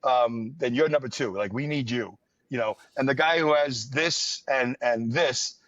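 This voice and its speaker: A New York–area man hosts a podcast, spinning rambling, wry stories in casual chat with plenty of fillers. His voice is medium-pitched, measured in pace and a bit bright. The recording is dull, lo-fi and dry.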